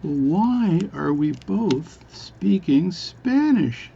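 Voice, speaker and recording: A man voicing a polite bartender in a spoken joke, speaking slowly and deliberately. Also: high-pitched, lively intonation, creaky, mellow, muffled recording, slight background noise, pitched above the performer's own voice, exaggerated voice. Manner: slow, deliberate joke delivery. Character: Spanish bartender, plain and polite.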